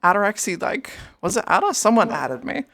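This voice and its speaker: A woman's voice: medium pitch, big pitch swings, a little fast, creaky, a bit bright. A young woman live-streaming in casual chat, rambling and greeting her viewers by name over a headset mic.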